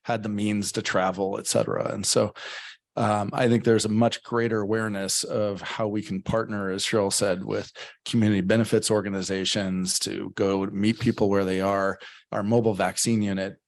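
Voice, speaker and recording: Low-voiced older man, measured panel answer. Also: little pitch movement, vocal fry. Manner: measured, with frequent fillers. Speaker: health system leader on a panel.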